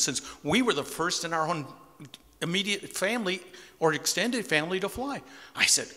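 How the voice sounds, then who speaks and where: A man's voice: high-pitched, animated, unhurried, bright, forceful tone. A man in his sixties telling a personal story to a live audience in an easygoing, wry, conversational way. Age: 60s. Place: community center hall with audience. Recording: long hall reverb.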